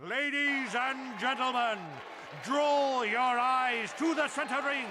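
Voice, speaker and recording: An actor playing a bombastic male arena announcer in a video game, booming like a showman. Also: slow. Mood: hyped. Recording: game voice over cheering crowd.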